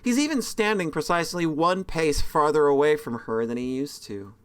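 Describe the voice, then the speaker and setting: A man's voice: fairly high pitch, expressive, moderate pace, clean tone. Sarcastic man reading a game aloud. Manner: sarcastic, joking asides. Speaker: let's play host.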